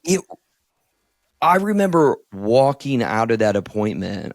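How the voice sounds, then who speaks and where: On a casual podcast he co-hosts, a Northeast Ohio therapist in his thirties recounts a personal story with raw candor and heavy use of "like." His lowish, gravelly voice moves slowly with lively intonation and long pauses, in a dry, studio-quality recording.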